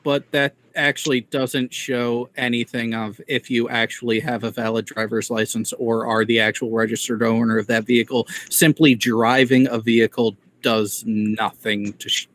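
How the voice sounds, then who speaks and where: A man's voice: medium pitch, little pitch movement, normal speed, hardly any pauses, a bit bright. A man from the Midwest hosting a casual commentary chat, explaining things in a wry, playfully mocking way. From Midwest United States. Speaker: commentary show host.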